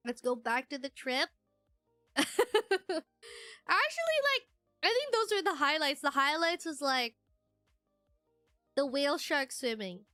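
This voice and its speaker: Giggly, rambling woman streamer with a bright voice, quiet music underneath. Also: high voice, sing-song, slow pace, pauses often, no echo, studio quality. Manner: giggly, rambling with many fillers. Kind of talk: casual livestream chat, reading chat aloud.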